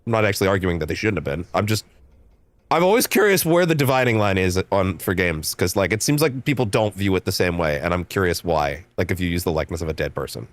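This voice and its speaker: A man's voice: deep voice, animated, fast talker, no echo. A man streaming a game, giving rambling, self-interrupting casual commentary and swearing freely. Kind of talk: casual let's-play commentary.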